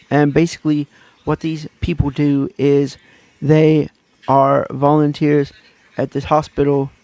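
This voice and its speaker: A man's voice: fairly high pitch, darkish tone, no room sound. A man giving a casual book review, retelling the plot in a rambling, loose and conversational way.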